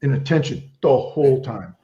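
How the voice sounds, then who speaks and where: A man's voice: mid-range voice, expressive, moderate pace, dark tone, lo-fi sound. A man in his seventies, a veteran guest, telling stories in a rambling casual chat. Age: 70s. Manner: rambling storyteller, restarts often. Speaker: guest, Vietnam veteran and author.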